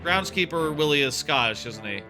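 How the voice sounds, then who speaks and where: A man's voice: a little high, expressive, normal speed, sharp tone, faint music behind. A young man casually musing aloud as he plays through a game, rambling as he goes. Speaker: let's play host. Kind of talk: casual gameplay commentary.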